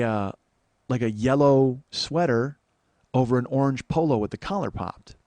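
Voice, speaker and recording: Fast-talking profane man telling a story. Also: mid-range voice, no echo. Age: 40s. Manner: profane, rambling, animated. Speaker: podcast host. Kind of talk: storytelling monologue.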